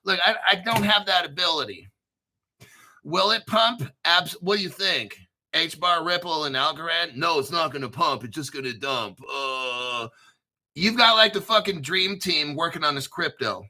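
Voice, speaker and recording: A man's voice: on the high side, moderate pace, sharp tone. A man hosting a casual crypto livestream, rambling and joking with lots of profanity. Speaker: crypto YouTube host.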